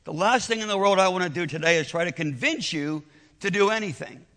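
A man's voice: high voice, brisk, fairly bright tone, long reverb tail. An older man preaching a sermon in a conversational, persuasive way, telling his own story and restarting his words often.

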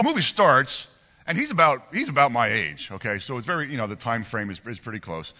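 A man in his forties preaching a sermon and telling a personal story, earnest and animated, often restarting and repeating words. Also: medium pitch, a little fast, big-room sound. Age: 40s. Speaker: pastor.

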